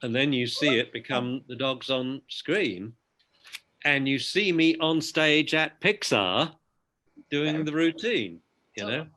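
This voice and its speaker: A man's voice: medium pitch, takes it slowly, pushed and bright. A man, a dog trainer guest on a video call, telling anecdotes casually and often adding "you know".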